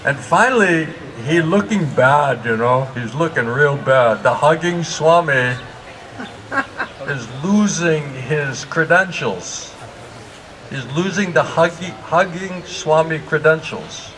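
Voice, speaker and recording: A man giving a morning class as a spiritual teacher, telling a funny story slowly and often laughing. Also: on the high side, rough recording. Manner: slow storytelling with frequent laughter. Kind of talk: humorous anecdotal lecture. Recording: steady background noise.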